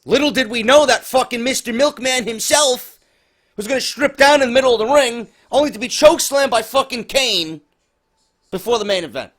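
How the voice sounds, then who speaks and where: A man's voice: very high-pitched, brisk, a bit bright. A man ranting through a profane, sarcastic review of a wrestling show, exasperated and mocking. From New York.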